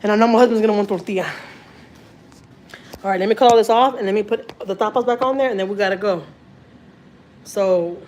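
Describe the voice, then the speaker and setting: A woman with a Texan accent chatting casually on a family live stream, animated and repeating herself as she talks while holding a phone in her kitchen. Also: mid-range voice, a little fast, long pauses. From Houston, Texas. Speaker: family vlogger. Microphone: handheld phone.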